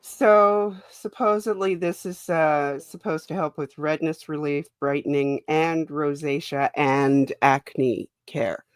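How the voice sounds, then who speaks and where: Woman from Canada, guest, sarcastic, very low voice, dry close sound. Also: steady tone, slow pace, hardly any pauses, clean tone, no echo. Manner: dry, sarcastic, laughs easily. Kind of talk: casual chat. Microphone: video call.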